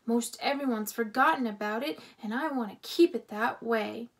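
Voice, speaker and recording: A woman's voice: a little high, normal speed, lightly acted. A woman voicing a kindly but doubtful teenage boy, speaking hesitantly with wonder, in a storybook reading.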